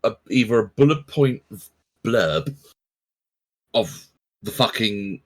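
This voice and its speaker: A man's voice: on the low side, slow pace. A man in casual podcast chat, sarcastic and swearing freely as he runs through film trivia. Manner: swearing, sarcastic, lively storytelling. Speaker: podcast co-host.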